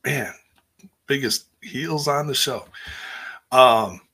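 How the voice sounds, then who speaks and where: Slow-talking man with a bright voice. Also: mid-range voice, breathy edge. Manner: rambling, many fillers and restarts, reads viewer comments. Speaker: live stream host recapping wrestling. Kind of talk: casual chat.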